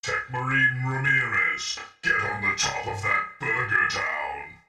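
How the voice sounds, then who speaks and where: A man using a voice changer to play a gruff male armored space warrior who barks battlefield orders. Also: lowish voice, lively intonation, takes it slowly, bright, forceful tone, heavily acted. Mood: commanding. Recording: echoey, distant, music behind.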